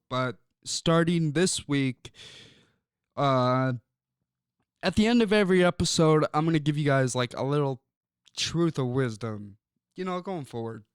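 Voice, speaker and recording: A young man from Illinois hosting a sports talk show, speaking earnestly and haltingly with frequent ums and repeated words. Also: a little high, clean tone, dry recording, clean studio sound. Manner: earnest and personal. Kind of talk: casual sports talk monologue.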